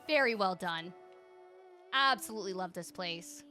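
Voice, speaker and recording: High, lively gushing woman streamer. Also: unhurried, faint music behind. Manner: gushing, excitable, thinks aloud. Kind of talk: live game stream commentary.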